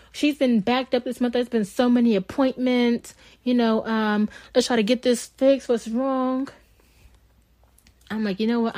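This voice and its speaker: A woman co-hosting a podcast, telling a story in an animated, exasperated way. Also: on the high side, dry recording. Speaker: podcast co-host. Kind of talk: casual storytelling chat.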